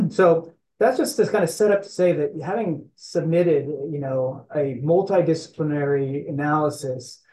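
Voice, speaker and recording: Hoarse man arguing at a hearing. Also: fairly high pitch, measured pace, few pauses, a little mellow. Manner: hesitant, many fillers and restarts. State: hoarse, coughing from allergies. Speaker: attorney for the applicant. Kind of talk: legal argument at a hearing. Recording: echoey room, faint background noise.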